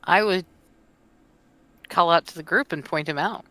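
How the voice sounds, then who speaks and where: A woman playing a tabletop game in casual chat, playful and quick to laugh. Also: on the low side, sharp tone, no echo. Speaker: player.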